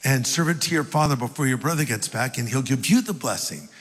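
A man preacher voicing a scheming mother who urges her son on with hurried instructions. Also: mid-range voice, lively intonation, breathy edge, pitched below the performer's own voice. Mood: urgent. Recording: long hall reverb.

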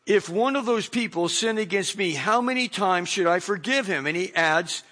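With a high-pitched voice and moderate pace, a middle-aged man delivers a sermon, acting out voices as he animatedly reads and remarks on a Bible passage.

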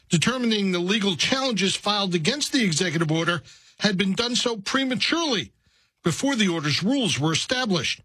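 A man filing a radio news report in a measured, formal delivery. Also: sits high, bright, forceful tone, slightly rough, dry recording, poor audio. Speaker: news correspondent.

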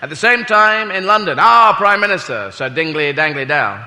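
A man's voice: a little high, expressive, normal speed, long reverb tail, noisy background. A man doing stand-up comedy, telling a rambling story with dry, self-mocking asides. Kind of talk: stand-up routine.

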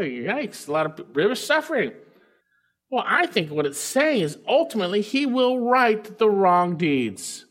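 A man preaching with a slightly raised, lively voice that climbs high for emphasis and then drops low and quiet. He reads scripture aloud, then unpacks it, often asking the congregation questions. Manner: emphatic, swings from loud highs to quiet lows. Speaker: pastor. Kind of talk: verse-by-verse sermon.

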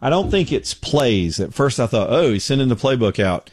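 A man's voice: medium pitch, very animated, moderate pace, darkish tone, no echo. A middle-aged man hosting a talk show from his home studio, telling stories in a folksy, joking way. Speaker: radio show host. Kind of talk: casual talk show chat.

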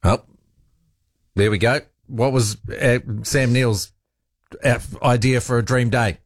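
A man's voice: medium pitch, fairly even intonation, takes it slowly, no room sound, clean studio sound. A man hosting a talk radio show in an easygoing, conversational way. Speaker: radio host.

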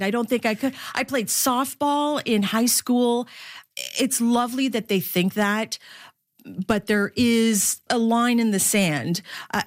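A middle-aged woman from the Philippines, a sports broadcaster speaking candidly in an interview, laughing often and jumping high in pitch when quoting others. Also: dry recording, studio quality.

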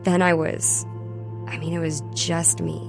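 A woman recalls events slowly, pausing and restarting. Her voice sits a little low. Faint music plays beneath her. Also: sing-song. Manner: halting, reflective. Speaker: wildfire survivor. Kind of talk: recorded oral history interview.

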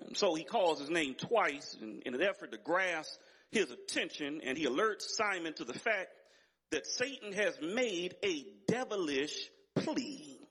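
A male pastor preaching with a husky, slightly breathy voice that sits high for a man. His delivery swings widely in pitch, emphatic and rising in intensity as he repeats his phrases. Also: animated, measured pace, fairly bright tone. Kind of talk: sermon.

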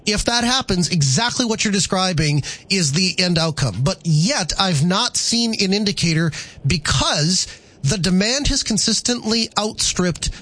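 A radio talk show host with a high-pitched, slightly bright, expressive voice speaks a little slowly. He thinks aloud on his call-in show, restarting sentences as he works out his answers.

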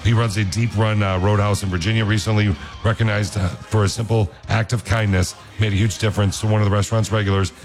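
A man's voice: lowish voice, level tone, fast, few pauses, faint music behind. A man hosting a radio show, talking enthusiastically in a casual chat style. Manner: enthusiastic, repeats praise. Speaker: radio host. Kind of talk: upbeat morning radio chat.

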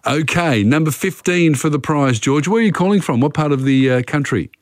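A man's voice: on the high side, a little fast, dry recording, clean studio sound. A man hosting a radio quiz, chatty and easygoing, reading out questions and talking around them. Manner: chatty, reads questions then talks them through. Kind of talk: casual radio quiz chat.

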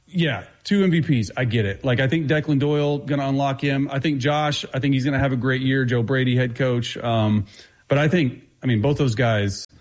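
A man who is a guest football analyst, talking quickly and confidently through his breakdown, with frequent restarts. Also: medium pitch. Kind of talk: casual sports talk.

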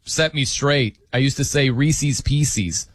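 A man's voice: mid-range voice, slow pace, dry recording. A man hosting a casual radio talk show, chatty and laughing often, speaking into a studio microphone. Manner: chatty, laughs often, mimics others' pronunciations. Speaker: sports radio host.

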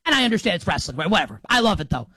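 A man delivering an excitable, rambling sports monologue as show host, breaking into shouts. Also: sits high, racing, no room sound, poor audio. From New York.

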